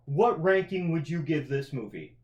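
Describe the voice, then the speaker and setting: A man's voice: on the high side, animated, normal speed, darkish tone, reverberant, dull audio. A man hosting a casual film review chat, prodding with questions, adding trivia and conceding points. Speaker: podcast host, film reviewer.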